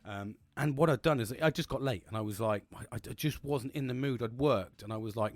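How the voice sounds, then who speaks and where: A plain-spoken man talks through a casual solo podcast monologue at a middling pitch, blunt and unfiltered, swearing freely as he goes. He rambles and restarts his sentences, and the recording is dry and close, with no room sound around him. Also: brisk, hardly any pauses, no room sound. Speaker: podcast host.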